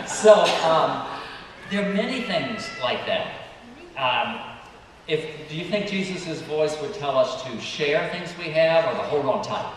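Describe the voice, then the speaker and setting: A man who is a priest giving a children's sermon, asking the children gentle questions and waiting for their answers. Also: on the high side, animated, unhurried. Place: church sanctuary. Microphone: distant room mic. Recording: echoey church hall, distant mic, background noise.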